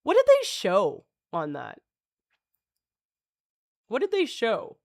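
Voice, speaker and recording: A woman's voice: a little high, huge pitch swings, slow, darkish tone, no echo, clean studio sound. A woman streamer chatting casually with her viewers, rambling, reading passages aloud, swearing freely and chuckling.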